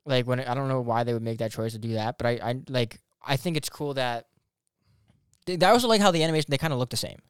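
A man co-hosting a podcast, chatting about a film in a relaxed way, laughing often and trailing off mid-sentence. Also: medium pitch, quick pace, smooth, dry recording, clean studio sound. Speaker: podcast co-host. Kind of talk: casual chat, film review.

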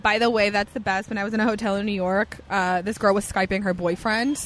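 A woman comedian, a guest on a casual podcast, telling stories in an animated, playful way. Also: mid-range voice, a little fast, slight background noise.

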